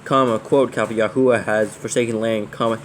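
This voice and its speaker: A man proofreading scripture aloud, calling out capitals, commas and quotes as he reads, slowly and carefully. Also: fairly low pitch, steady tone, a little hiss or hum. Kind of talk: dictating text with punctuation.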